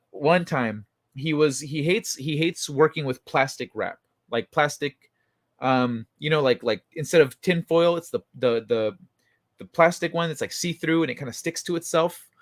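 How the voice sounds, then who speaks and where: A man's voice: on the high side, moderate pace, no room sound, studio quality. Rambling, foul-mouthed man on a livestream. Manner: rambling, profane, full of restarts. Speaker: livestream talk show host. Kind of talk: casual chat.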